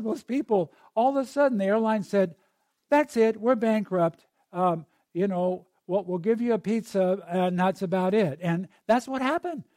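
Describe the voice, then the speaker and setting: A male preacher delivering a sermon in an easy, conversational way, full of asides. His voice sits high but sounds mellow and dark-toned. The recording is dry and close. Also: no room sound.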